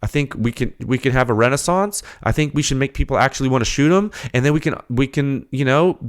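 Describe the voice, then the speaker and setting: Guy hosting a tech podcast, gets worked up, lots of questions in a row, voice jumps around a lot. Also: medium pitch. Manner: animated, ranting, rapid rhetorical questions; heated, then settles into explaining data. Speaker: podcast host. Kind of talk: technical podcast talk.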